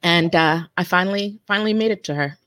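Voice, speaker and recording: A woman in her forties, a guest telling a personal story in an earnest, halting way with many restarts. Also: on the low side, fairly bright tone, no echo. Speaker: interview guest. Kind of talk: personal testimony in conversation.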